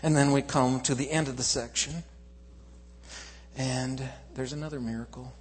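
A male pastor preaching a sermon in a church, telling the story with animated swings from loud to hushed. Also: medium pitch, moderate pace, in a large hall, rough recording.

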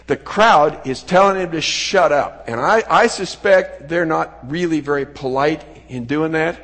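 A middle-aged man preaching a sermon in a folksy, animated way, acting out quotes with sudden shouts. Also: a little high, breathy edge. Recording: long hall reverb.

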